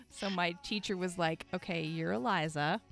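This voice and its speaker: A woman from Michigan in casual chat as a podcast co-host, animated and playful, laughing often. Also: fairly low pitch, measured pace, gravelly. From Michigan, United States.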